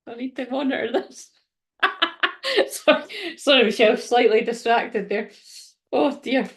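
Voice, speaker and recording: A woman's voice: a little high, a little slow. A woman hosting a casual live-stream tarot reading, chatting to viewers, laughing often and swearing casually. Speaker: tarot card reader and livestream host.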